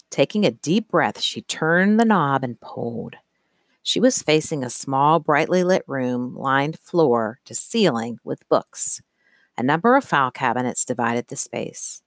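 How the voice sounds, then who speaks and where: An audiobook narrator reading a children's story in a steady, even manner. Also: medium pitch, no room sound, studio quality. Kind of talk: scripted narration.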